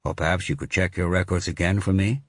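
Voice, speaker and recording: A man's voice: sits low, fairly even intonation, fast, fairly bright tone, no room sound, clean studio sound, voice pushed up. A man reading a careful, methodical male police inspector in an audiobook. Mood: probing. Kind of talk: audiobook character voice.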